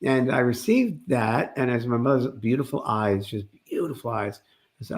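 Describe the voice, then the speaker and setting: A man's voice: mid-range voice, expressive, moderate pace, darkish tone. A man co-hosting a spiritual talk show, speaking earnestly and rambling with restarts, sounding a little sick. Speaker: co-host, medium.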